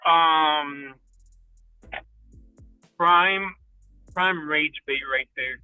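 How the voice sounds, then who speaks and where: A man joining a football podcast over a remote call, talking in a slow, halting way. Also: fairly high pitch, clear, resonant tone, no room sound, soft background music. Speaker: co-host. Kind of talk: casual football podcast chat. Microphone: remote call connection. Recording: tinny dry call audio.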